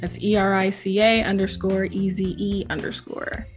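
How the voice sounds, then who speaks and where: A woman's voice: mid-range voice, flat delivery, normal speed, soft background music. A young adult woman hosting a book podcast, talking casually with lots of fillers and restarts. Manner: chatty, many fillers and restarts. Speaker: podcast host.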